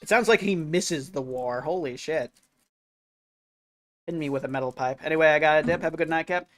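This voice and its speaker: A male streamer reacting to videos with excitable, exclamatory commentary and frequent swearing. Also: a little high, brisk, soft background music. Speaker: streamer host.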